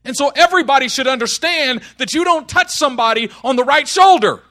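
A man preaching a sermon, telling a story and acting out the voices in it, dropping to a hush and then rising to shouts. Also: extremely high pitch, lively intonation, a little fast. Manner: storytelling with acted voices, swings from hushed to shouting.

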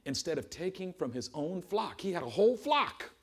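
Husky, animated male preacher. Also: high-pitched, normal speed. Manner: animated storytelling with humor. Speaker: pastor. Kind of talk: sermon. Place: church service before a congregation.

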